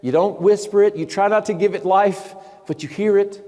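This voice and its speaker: A man giving a live motivational sermon in a large event hall. He talks emphatically, asks the audience questions, and often drops to hushed tones. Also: high voice, steady tone, moderate pace. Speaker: motivational speaker. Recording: long hall reverb.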